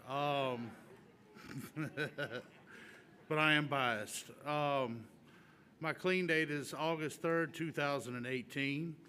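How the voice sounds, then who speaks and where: A man's voice: on the high side, steady tone, slow, long pauses, bright, forceful tone, slight background noise. A man from Virginia giving a nervous, folksy campaign speech at a podium in a large convention hall. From Virginia, USA. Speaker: campaign speaker.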